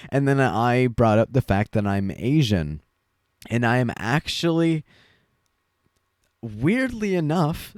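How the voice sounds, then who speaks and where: A man's voice: medium pitch, darkish tone, no room sound, clean studio sound. A young man hosting a podcast, telling a story in a rambling, wry way with lots of fillers. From Chinese family background. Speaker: podcast host. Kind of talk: casual monologue.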